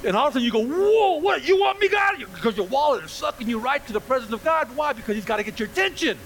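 A man pastor preaching a sermon to a congregation, animated, acting out quoted voices and firing rhetorical questions at the room. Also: very high-pitched, rapid-fire, slight background noise. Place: church before a congregation.

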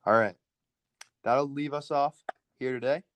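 A man co-hosting a casual sports podcast, running quickly through his betting picks. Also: medium pitch, fairly even intonation, a little hiss or hum. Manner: rapid-fire, rattles through picks. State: out of breath.

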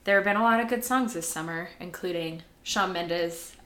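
A woman's voice: fairly low pitch, normal speed, a bit bright, reverberant, a little hiss or hum. A woman co-hosting a podcast in casual chat, chatty and giggly with many fillers. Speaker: podcast co-host.

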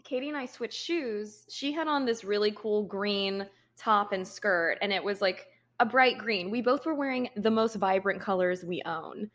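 A woman's voice: medium pitch, normal speed, hardly any pauses. A young woman co-hosting a podcast, telling her side of a story in a blunt, emphatic way and swearing now and then. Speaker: podcast co-host. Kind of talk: casual storytelling chat.

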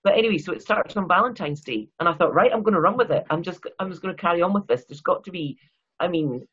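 A Scottish woman talks in a loose, self-mocking ramble, full of restarts and asides. Her voice is a little husky and the recording sounds dull and lo-fi. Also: fairly low pitch, animated, quick pace, a bit bright. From Scotland. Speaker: guest author. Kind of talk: casual interview chat.

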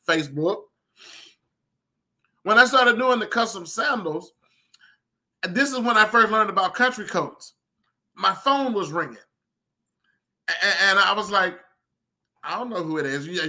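Animated man with a bright, high voice. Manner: animated, chatty, talks to listeners directly. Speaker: podcast host and leather craftsman. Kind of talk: casual storytelling monologue.

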